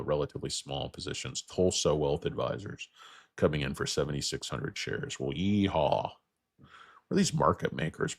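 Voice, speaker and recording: Man, extremely deep voice, hoarse, getting sick, crude rambling livestream host, dry sound. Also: no echo. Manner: rambling, crude, joking asides. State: losing his voice, feeling sick. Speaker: stock market livestream host. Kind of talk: casual livestream chat with viewers.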